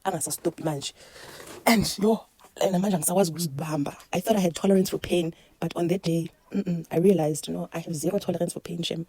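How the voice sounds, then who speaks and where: A woman with a South African accent telling a casual storytime, animated and mixing Zulu into her English. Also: fairly low pitch, fast, breathy edge, no room sound. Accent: South African, Zulu-mixed English. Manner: animated, code-switching, laughing through a birth story. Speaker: vlogger.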